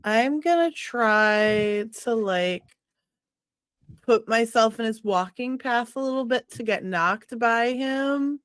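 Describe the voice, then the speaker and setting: High-voiced, playful woman player. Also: slow pace, clean tone, no room sound. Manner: giggly, playful. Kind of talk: casual tabletop game chat.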